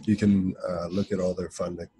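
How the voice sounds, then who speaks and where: A man's voice: low voice, level tone, brisk, dark tone, a little hiss or hum, low-quality recording. A man co-hosting a webinar over a video call, chipping in short tips with hesitant fillers. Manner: hesitant, adds brief tips. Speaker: webinar co-host. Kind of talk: casual webinar chat.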